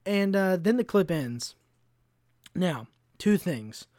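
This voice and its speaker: A man's voice: high voice, animated, takes it slowly, a little mellow, no echo, studio quality. A young man hosting a solo podcast, ranting in a heated, profane, casual way. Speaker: podcast host.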